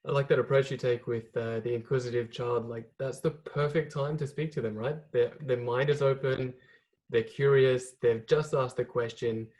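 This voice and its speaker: A man's voice: medium pitch, steady tone, normal speed, a little mellow, rough recording. A man hosting a podcast, asking interview questions in a hesitant, encouraging way. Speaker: podcast host.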